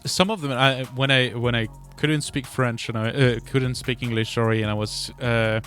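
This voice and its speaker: A man hosting a podcast interview, speaking casually and hesitantly with many pauses and restarts. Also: medium pitch, steady tone, a bit bright, soft background music. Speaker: podcast host.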